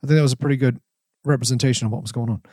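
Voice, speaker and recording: A man's voice: mid-range voice, fairly even intonation, racing, a little mellow, husky, dry recording, studio quality. A man telling a story from his work as a wedding videographer, rambling with lots of restarts. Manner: rambling, many likes and restarts. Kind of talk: casual storytelling.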